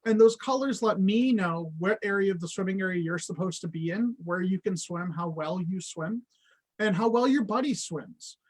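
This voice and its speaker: A man's voice: high voice, normal speed, breathy edge. A man on a guest spot, explaining water safety to kids in a friendly, plain way.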